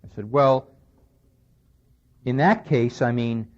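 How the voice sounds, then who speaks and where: A man with a mid-range, slightly mellow voice takes his time through a conversational lecture, retelling a conversation emphatically. It comes from an old, dull lo-fi radio recording from the 1990s.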